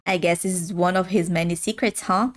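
A woman hosting a casual reaction video, excitable, laughing often and swearing casually. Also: lowish voice, brisk, faint music behind.

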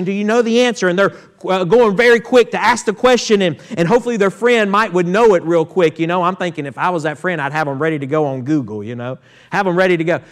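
Pastor, male, slightly high voice, preaching a midweek sermon with calls to the church. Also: a bit bright. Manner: preaching with call-outs to the church and Scripture readings. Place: church sanctuary.

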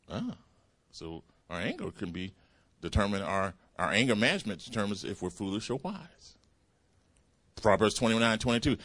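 A man's voice: very animated, moderate pace, long pauses, fairly bright tone. Pastor guy preaching, voice swoops all over the place, calls out hallelujah a lot. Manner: preaching with big pitch swings, calls of hallelujah and praise the Lord. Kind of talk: sermon. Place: church sanctuary.

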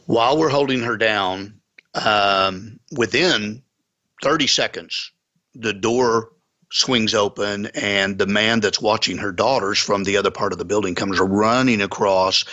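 A man's voice: on the low side, measured pace, sharp tone, muffled recording. A man, a pastor, earnestly telling a story in a conversation, with folksy sayings. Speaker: pastor and guest.

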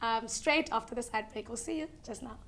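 Talk show host: woman, high voice, upbeat patter. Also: brisk, vocal fry.

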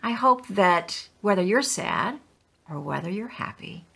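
A woman pastor telling a children's story in an animated, sing-song storytelling manner, with a gravelly edge. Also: mid-range voice, unhurried.

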